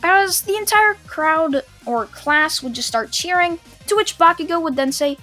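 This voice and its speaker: A woman's voice: very high-pitched, animated, a little slow, few pauses, sharp tone, faint music behind. A teenage girl telling a fan-made anime story, rambling casually with lots of fillers and chatty asides.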